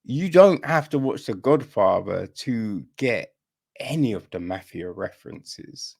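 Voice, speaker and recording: A man talks through a film review for a podcast in a loose, rambling way, full of restarts and exasperated asides. His voice carries a gravelly rasp, his delivery is slow and drawn out, and his pitch rises and falls a lot. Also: animated, darkish tone. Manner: rambling, exasperated, lots of fillers and restarts, mocking quoted voices. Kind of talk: casual spoken film review.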